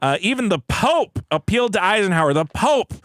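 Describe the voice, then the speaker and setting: A man with a high-pitched, lively voice chats on a comedy podcast. He rambles through stories with swearing and jokes, and his voice sits close and dry on the mic. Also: a little fast, no echo. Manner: rambling, profane, jokey storytelling. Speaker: podcast co-host. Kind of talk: casual comedic podcast chat.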